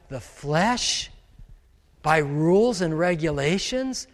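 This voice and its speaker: A pastor preaching a sermon, animated, acting out the voices of the people he quotes. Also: high-pitched, normal speed. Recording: long reverb of a large hall.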